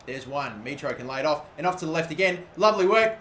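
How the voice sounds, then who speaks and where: An excitable young man commentates a football video game as he plays, with a fairly high, bright and forceful voice. He swears freely and bursts into loud, frustrated outbursts. The room gives his voice a noticeable echo. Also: quick pace, hardly any pauses, slight background noise. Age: 20s. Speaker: gaming commentator. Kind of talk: live gameplay commentary. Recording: roomy echo.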